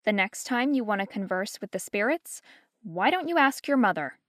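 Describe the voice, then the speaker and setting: A woman's voice: mid-range voice, animated, normal speed, fairly bright tone, no room sound, clean studio sound, lightly acted. A woman voicing a young witch who speaks in a guarded, irritated way.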